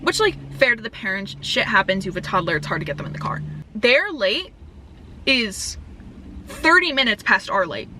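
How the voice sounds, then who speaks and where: A young woman telling a story in a casual rant, animated and swearing often. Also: fairly high pitch, normal speed, a little hiss or hum. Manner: animated, swearing, quoting herself.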